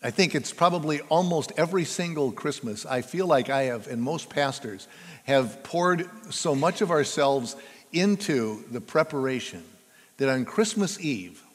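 An older man preaching a sermon as pastor, halting and repeating himself, then landing hard on key words. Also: mid-range voice. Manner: halting, repeats words, building to emphatic stresses. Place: church sanctuary. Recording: long church reverb.

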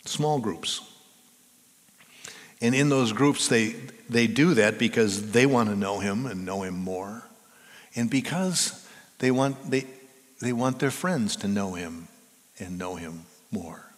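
Slow-speaking pastor preaching in a big hall. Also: male voice, medium pitch. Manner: preaching with swings between hushed and loud emphatic delivery. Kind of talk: sermon.

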